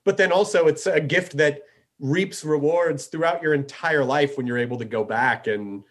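A man hosting a podcast in casual chat, excitable and full of fillers, swearing casually. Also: a little high, moderate pace. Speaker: podcast host.

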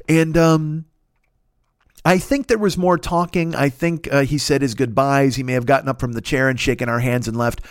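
A man hosting a comedy podcast, telling a story in a profane, animated way and acting out the people in it. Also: medium pitch, moderate pace, clear, resonant tone, no echo, studio quality. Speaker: podcast host.

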